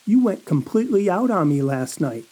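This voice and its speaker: A man's voice: high voice, very animated, moderate pace, warm tone. Teasing flirty woman, read by a man. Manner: teasing, amused.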